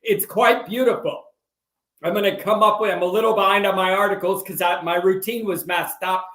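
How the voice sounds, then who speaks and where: Loud excitable man hosting a call-in. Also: high voice, a little fast, reverberant. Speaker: host. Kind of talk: call-in show chat.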